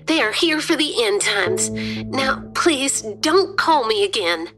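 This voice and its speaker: A woman voicing a traumatized, deeply religious woman who speaks tensely and pleads in an audio drama. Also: lively intonation, slow pace, music in the background. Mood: fearful.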